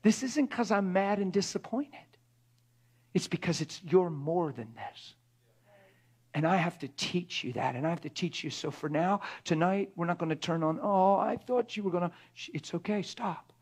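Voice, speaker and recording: A middle-aged man delivers a conversational sermon in a fairly high voice. He talks to the room like a friend, then sinks into a hushed whisper to drive a point home. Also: lively intonation, normal speed, breathy edge. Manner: conversational preaching, drops to a hushed whisper for emphasis. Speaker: preacher.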